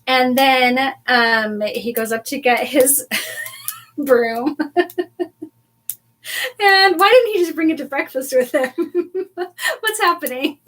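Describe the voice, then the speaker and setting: A high-pitched woman co-hosts a live podcast, recapping a book chapter in relaxed chat. She is animated, laughs often, and slips into quick impressions of the characters as she goes. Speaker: podcast co-host.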